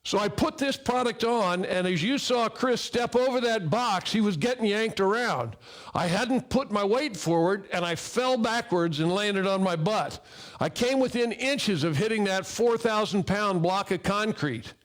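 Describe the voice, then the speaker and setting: A middle-aged man telling a personal story about fall protection to an audience, acting out the dialogue in an animated way. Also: sits high, a little slow. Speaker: fall protection equipment speaker.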